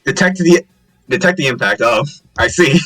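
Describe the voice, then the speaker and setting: A man's voice: a little high, expressive, normal speed, fairly bright tone. Joking man playing a tabletop game, off-mic. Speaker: player. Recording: distant from the mic, faint music.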